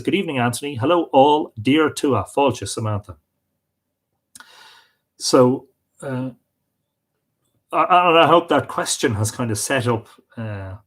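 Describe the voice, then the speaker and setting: A man's voice: mid-range voice, a bit bright, slightly rough. An Irish man hosting a casual livestream at home, chatting off the cuff and greeting viewers by name. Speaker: host. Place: home with bookshelves.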